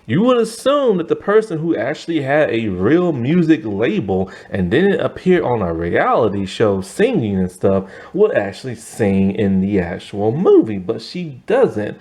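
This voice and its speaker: A man's voice: medium pitch, very animated, measured pace, few pauses, a little mellow. A man giving a casual, opinionated movie review, rambling with lots of "like" and "you know". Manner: chatty, rambling, heavy use of "like" and "you know"; emphatic, opinionated.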